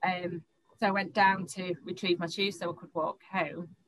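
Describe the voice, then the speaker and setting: Halting young woman recounting events. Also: on the low side, flat delivery, a bit bright, slight background noise, poor audio. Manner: halting, frequent restarts and repeated words. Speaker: interviewee. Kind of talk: personal account in an interview.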